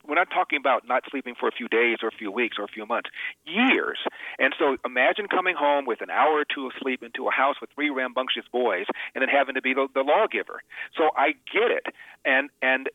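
A man's voice: mid-range voice, a little fast, dry recording. A man speaks as a radio interview guest over a phone line that sounds thin and tinny. He tells a long personal story earnestly and emphatically, stumbling and repeating words when it matters. There is no room sound around him.

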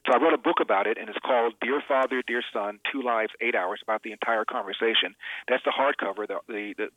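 A man's voice: medium pitch, fast talker, dry recording. A male radio host telling an emotional personal story in an interview, with emphatic repetitions. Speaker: radio host and author, guest. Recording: tinny phone line, dry.

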